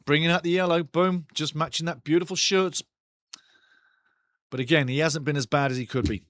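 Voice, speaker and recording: A man hosting a live football watchalong, calling the match excitedly and reading chat messages aloud. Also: a little high, moderate pace, no room sound, studio quality. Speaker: watchalong host. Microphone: studio mic.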